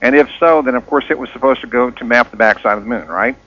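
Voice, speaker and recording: A man with a mid-range voice calls in to a radio talk show and speaks fast but hesitantly, with frequent fillers. The call sounds dull and lo-fi.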